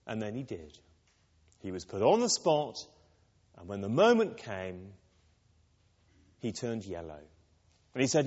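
Expressive male preacher in a reverberant hall. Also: mid-range voice, normal speed, pauses often, muffled recording. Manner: expressive, acts out quoted lines. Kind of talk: sermon.

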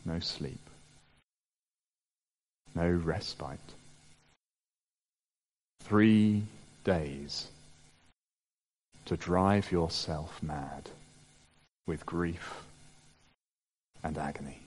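A man preaching a sermon in an unhurried, dramatic way. He sinks to hushed low phrases, then builds to emphatic peaks. His voice rings with the long reverb of a large hall. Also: breathy edge.

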